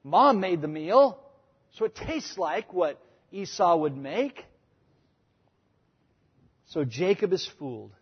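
A man preaching a sermon, emphatic and conversational, switching between loud points and quiet asides. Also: high voice, expressive, slow pace, long pauses, husky, long reverb tail, highs cut off. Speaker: pastor.

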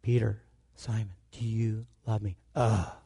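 A man preaching a sermon, telling stories with animated delivery and acting out the dialogue. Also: lowish voice, measured pace, creaky, slightly rough.

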